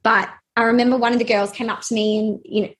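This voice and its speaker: A young adult woman telling a personal story in a halting way, with many fillers and restarts. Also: on the high side, level tone, a bit bright.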